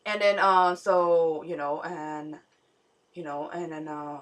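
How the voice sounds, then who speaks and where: A woman's voice: deep voice, steady tone, slow pace, a little hiss or hum. A young woman vlogger rambling through a dream story, full of fillers and restarts. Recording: voice somewhat far from the mic.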